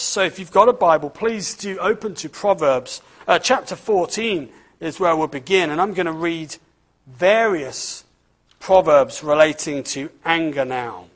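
A man giving a children's talk at church, reading a storybook aloud and asking the listeners questions. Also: on the high side.

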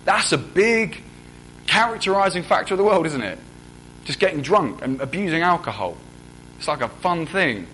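A man's voice: a little high, big pitch swings, fairly quick, sharp tone, slight background noise, poor audio. A young man preaching a sermon in a conversational way, often putting questions to the congregation.

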